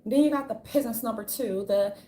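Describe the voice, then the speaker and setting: A woman giving an unscripted commentary rant, brash and profane, with a sassy, animated delivery. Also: on the high side, fairly quick. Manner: brash, profane, sassy, repeatedly says "darling"; animated, jumps into mocking voices. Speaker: commentary vlogger.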